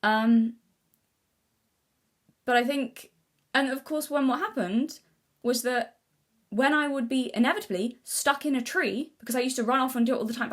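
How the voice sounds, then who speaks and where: A woman's voice: high voice, fairly bright tone. A young woman vlogging in casual unscripted talk, earnest and rambling, with many restarts and self-corrections. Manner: earnest, thinking aloud.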